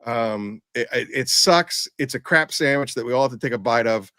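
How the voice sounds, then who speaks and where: Male podcast host, mid pitch, stubborn rambling storyteller, dry close mic. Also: moderate pace, sharp tone, no room sound. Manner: rambling, stubborn ranting with many restarts. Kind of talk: casual storytelling.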